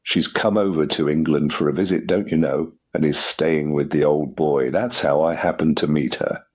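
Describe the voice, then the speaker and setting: A man voicing a bumbling young gentleman. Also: very deep voice, steady tone, normal speed, slightly rough. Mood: sheepish. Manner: hesitant, bumbling, light. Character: cheerful, sheepish young aristocrat son. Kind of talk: audiobook character reading.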